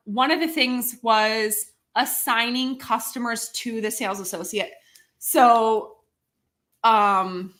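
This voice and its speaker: A woman's voice: a little high, sharp tone. A woman co-hosting a casual business live stream, explaining how the office runs with her own examples. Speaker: co-host handling office and numbers.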